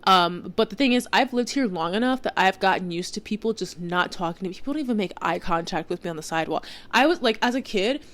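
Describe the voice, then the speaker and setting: A woman's voice: mid-range voice, lively intonation, fast talker, hardly any pauses, a bit bright. A young woman hosting a podcast, telling a story in casual chat, exasperated and swearing, with lots of filler words. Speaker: podcast host.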